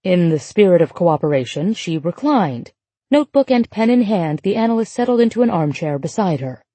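A woman narrating literary fiction as an audiobook, in a mellow, slightly husky voice. Her delivery is even and measured. The sound is dry and close to the mic. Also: lowish voice, no room sound. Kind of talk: scripted narration.

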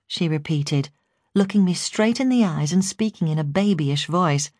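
A woman narrating a memoir in a calm, measured storytelling voice. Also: on the low side, dry recording, studio quality. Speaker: audiobook narrator.

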